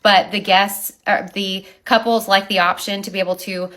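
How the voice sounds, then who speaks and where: A woman who owns a wedding venue, telling an animated, indignant account of a dispute with her neighbors. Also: medium pitch, normal speed. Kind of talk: recounting a neighbor dispute to camera.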